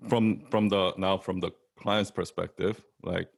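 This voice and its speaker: Man, fairly low voice, animated, casual chat, dry close sound. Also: measured pace, creaky, dry recording. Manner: laughs often, lively and animated. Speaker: guest.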